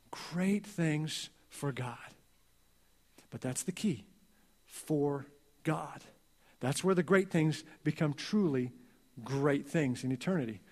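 A male pastor preaching a sermon earnestly, going soft and slow on key lines. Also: on the high side. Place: church sanctuary. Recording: long reverb of a church hall.

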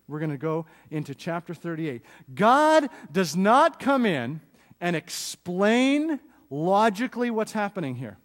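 A man preaching with animated, jokey storytelling and a notably high voice. He often drops soft and slow to make a point, and his voice echoes with a long reverb through a large hall. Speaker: pastor. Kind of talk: sermon.

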